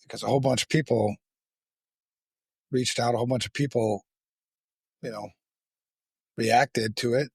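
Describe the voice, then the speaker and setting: A man hosting a podcast, talking candidly and bluntly with a lot of swearing and halting restarts. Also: medium pitch, steady tone, vocal fry, slightly rough, no room sound, studio quality. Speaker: podcast host. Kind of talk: candid casual conversation.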